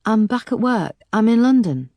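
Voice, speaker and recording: A woman's voice: fairly high pitch, animated, normal speed, dark tone, no room sound, voice pushed up, close to an everyday voice. A woman voicing a young woman detective, grieving and guilt-ridden, speaking tearfully in an audiobook. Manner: tearful, self-reproaching.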